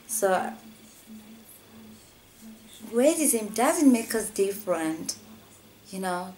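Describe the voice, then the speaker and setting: A woman's voice: medium pitch, very animated, extremely slow, pauses often, mellow, a little hiss or hum, rough recording. A young woman talking earnestly to her camera in a rambling personal vlog, filling her sentences with "you know.". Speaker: vlogger.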